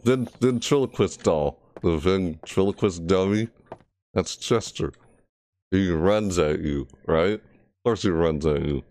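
A deep-voiced man plays a horror game live in a VR headset, muttering and grumbling between scares. His wildly swinging voice jumps from low mutters to panicked high shrieks whenever the game startles him. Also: a little mellow. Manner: jumpy, frequently yelping and shrieking in panic. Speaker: gameplay commentator.

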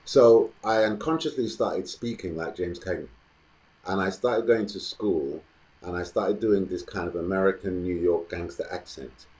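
A man with a very low, deep voice. As an interview guest, he tells his story slowly and thoughtfully. He often pauses with ums. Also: darkish tone, poor audio. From London, England. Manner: thoughtful, measured, with frequent ums. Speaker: actor and guest.

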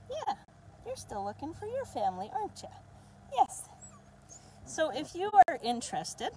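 Woman breeder cooing at puppies. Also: a little high. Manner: sing-song baby talk to puppies, laughing often. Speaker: dog breeder. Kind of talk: casual vlog talking to puppies. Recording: noticeable background noise.

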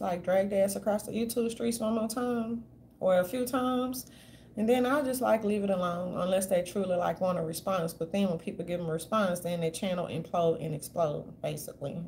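A woman riffs on a livestream in a loose, slangy way at a middle pitch, easy laughs running through her talk. She speaks straight to her chat and calls them darlings and y'all. A soft hiss sits under the voice. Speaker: YouTube commentator. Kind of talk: livestream commentary talking to chat.

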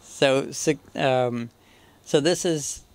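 A man giving an informal Bible teaching at a church, talking in a halting way with many restarts. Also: medium pitch, a little hiss or hum. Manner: halting, restarts often, chuckles to himself.

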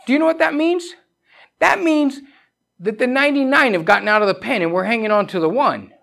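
Guy pastor with a gravelly voice preaching in church, chatty style, keeps asking the congregation stuff and telling his own stories. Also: very high-pitched, brisk, fairly bright tone. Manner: talks straight to the congregation, pressing questions and personal stories. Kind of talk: conversational sermon. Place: church sanctuary.

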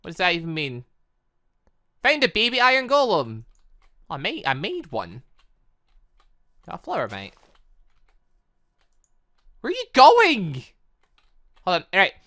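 A man's voice: high-pitched, wildly swooping pitch, normal speed, long pauses, pushed and bright, no room sound, clean studio sound. A young man chatting and joking through his Minecraft let's play, talking to the villagers in the game. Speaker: gaming YouTuber.

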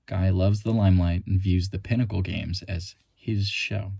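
Gravelly, husky young man vlogging. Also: sits low, fairly even intonation, normal speed, dark tone, no echo. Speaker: vlogger and voice actor. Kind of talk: casual vlog.

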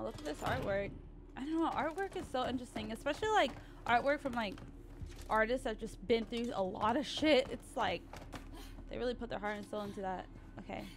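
A woman streaming a horror game, chatting excitably, cursing a lot and shrieking when scared. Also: mid-range voice, a little hiss or hum. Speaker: gaming streamer. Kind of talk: live let's-play commentary.

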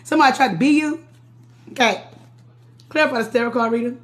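A woman's voice: a little high, fast, a little hiss or hum. A woman, giving a casual live-stream tarot reading, chatty with viewers and often laughing. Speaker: tarot reader.

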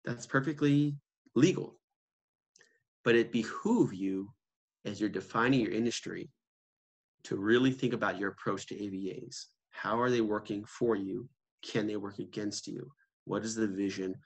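A man's voice: on the low side, moderate pace. A man giving a conversational seminar talk, telling stories with quoted voices and asking rhetorical questions. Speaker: seminar speaker.

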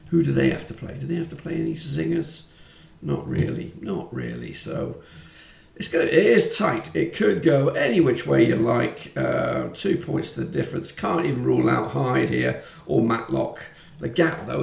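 A man commentating on his football management game, chatty and quick to swear when frustrated. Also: fairly high pitch, gravelly, echoey room. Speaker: gaming YouTuber. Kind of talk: let's-play commentary.

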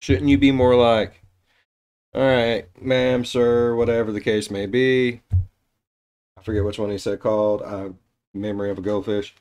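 A man's voice: on the low side, fairly even intonation, normal speed, a little mellow. A man hosting a reaction video, commenting casually with blunt, profane jokes.

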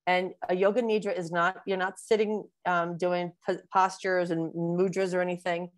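A woman in her sixties, a physician being interviewed in a webinar, explaining at length in a warm, rambling way with many fillers. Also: on the low side, little pitch movement, normal speed, dry recording. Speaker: breast cancer physician, guest.

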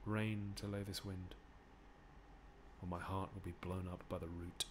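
A man voicing a grave, lovesick young prince in a hushed, mournful reading. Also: deep voice, little pitch movement, measured pace, slight background noise, pitched below the performer's own voice. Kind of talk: dramatic reading aloud.

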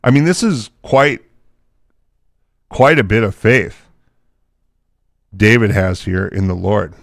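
A man's voice: on the low side, animated, takes it slowly, gravelly, dry recording, clean studio sound. A man teaching from the Bible, reading scripture aloud and breaking into casual, chatty asides.

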